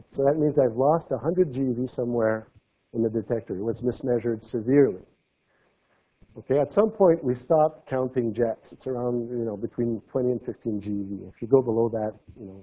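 Dark, husky-voiced male lecturer. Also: mid-range voice, rough recording. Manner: explanatory, trails off softly at phrase ends. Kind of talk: academic seminar talk.

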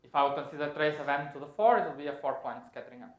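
This lecturer's voice sits fairly high and races along as he works through technical physics in a lecture hall. Reasoning out loud, he breaks things down step by step and fixes his own mistakes mid-explanation, with the room's echo audible.

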